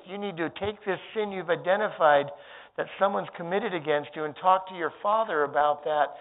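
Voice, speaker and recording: A male pastor preaching a sermon, moving between booming emphasis and hushed, tender tones. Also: moderate pace. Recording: tinny phone-like sermon recording.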